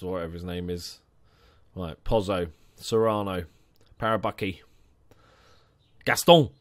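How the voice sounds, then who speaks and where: A young man with a lowish voice talks his way through a football management game, joking and handing out nicknames as he goes. The sound is close and dry, with no room behind him. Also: no room sound. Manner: chatty, jokey, gives players nicknames. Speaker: gaming channel host. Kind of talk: casual let's-play commentary.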